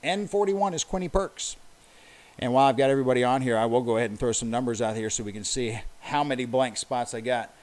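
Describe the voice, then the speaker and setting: A man's voice: medium pitch, fast talker, a little mellow. A man hosting a casual livestream, calling out bingo numbers and viewer names in a chatty, upbeat way.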